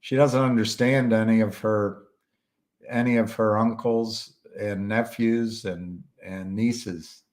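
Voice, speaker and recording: A man chatting casually as a stream host, halting often and searching for words with many fillers. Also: fairly low pitch, fairly even intonation, a little mellow. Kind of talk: casual rambling chat.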